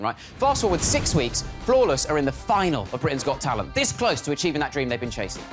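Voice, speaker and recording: A man performing a stand-up comedy set, animated and bursting into loud shouted bits. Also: on the high side, fast, music in the background.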